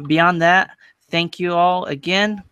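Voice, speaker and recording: A man's voice: high-pitched, steady tone, slow, pushed and bright, clean tone, dry recording. A man hosting a casual podcast, upbeat, laughing often and thanking listeners. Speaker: podcast host.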